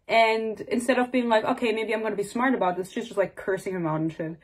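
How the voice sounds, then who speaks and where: A woman giving a casual, sarcastic book review rant, swearing freely and acting out the characters' lines in quick bits. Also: mid-range voice, steady tone.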